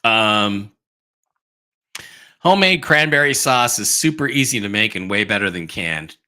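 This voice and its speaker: A man with a bright, forward tone hosts a loose livestream chat. He rambles through updates and reads viewer comments aloud, pausing often with ums and uhs. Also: on the low side, lively intonation. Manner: rambling, loose, with many fillers and asides. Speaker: host of an online news livestream.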